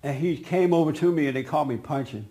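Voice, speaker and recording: A middle-aged man tells a family story in a casual, animated way, often laughing. His voice is slightly high and gravelly, and it jumps up when he quotes people. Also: fast talker. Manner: animated, laughing, quoting others in a raised voice. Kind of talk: casual personal anecdote.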